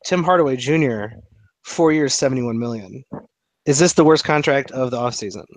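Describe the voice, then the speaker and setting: A man's voice: mid-range voice, normal speed. A man co-hosting a casual sports chat, opinionated and playfully indignant. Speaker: podcast co-host.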